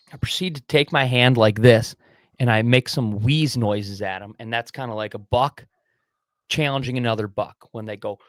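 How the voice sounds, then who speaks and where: Man telling a lively hunting story. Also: medium pitch, dry recording. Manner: animated, swears, acts out his own inner voice. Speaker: podcast co-host. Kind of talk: casual storytelling.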